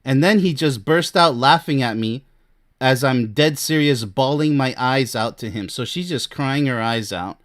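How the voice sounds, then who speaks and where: A man's voice: medium pitch, moderate pace, fairly bright tone. A man working as a relationship coach, giving emphatic advice on a reader's letter, firing rhetorical questions and laughing in disbelief.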